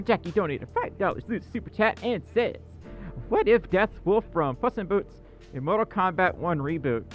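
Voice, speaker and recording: A male livestream host chatting casually with viewers, excitable and self-deprecating. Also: high-pitched, moderate pace, muffled recording, soft background music.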